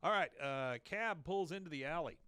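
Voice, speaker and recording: A man's voice: a little high, normal speed, smooth, no room sound. A man co-hosting a podcast, casually recapping a cartoon episode and acting out lines as he goes. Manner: animated storytelling, acts out lines. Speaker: podcast co-host.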